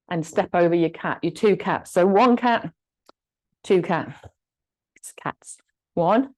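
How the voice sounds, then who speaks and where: A woman instructor guiding a gentle exercise class, giving encouraging cues and short counted commands. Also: mid-range voice, rough recording. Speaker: fitness instructor.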